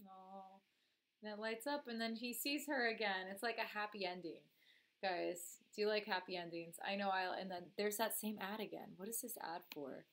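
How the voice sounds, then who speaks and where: A woman's voice: mid-range voice, moderate pace, fairly bright tone. A woman vlogger with a cold, chatting casually and addressing her viewers directly as she reacts to a music video. Her talk is loose and conversational. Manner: chatty, talks straight to viewers as "guys". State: has a cold.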